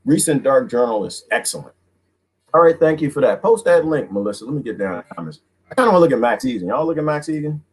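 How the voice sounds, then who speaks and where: A man hosting a livestream who talks in an animated, mocking way, laughs often, and is losing his voice. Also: medium pitch, fast talker, breathy edge, low-quality recording. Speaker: livestream host reading viewer comments. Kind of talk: casual livestream monologue.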